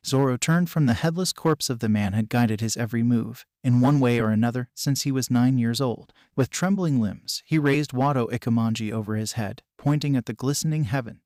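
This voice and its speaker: A man narrating a story at a steady, even reading pace. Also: mid-range voice, moderate pace, few pauses, dry recording, clean studio sound. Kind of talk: scripted narration.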